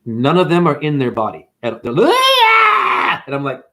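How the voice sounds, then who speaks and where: A man hosting a livestream, talking in a casual, slangy spiritual monologue and jumping into high mocking voices when he quotes people. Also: animated, quick pace.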